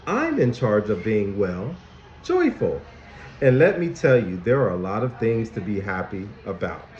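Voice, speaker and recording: A man voicing Joy, a cheerful female emotion character, in a bright, bouncy, high sing-song voice, reading a picture book aloud to young children. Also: big pitch swings, a little slow, faint music behind. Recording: dull, echoey room recording.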